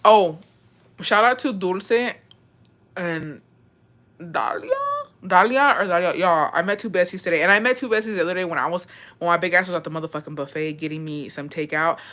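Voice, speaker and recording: A woman's voice: lowish voice, a little fast, a bit bright. A young woman from Texas in her twenties, chatting emotionally and swearing freely as she reacts to viewer stories. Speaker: host reading viewer stories. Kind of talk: casual chat.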